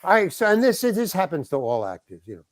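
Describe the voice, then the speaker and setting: An older man telling a long story in casual talk, stopping and restarting as he goes, and slipping into the voices of the people he quotes. His pitch swings widely and sits a little high for a man. The sound is dry and close. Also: wildly swooping pitch, fairly quick, no room sound. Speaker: guest actor telling a story. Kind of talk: casual anecdote.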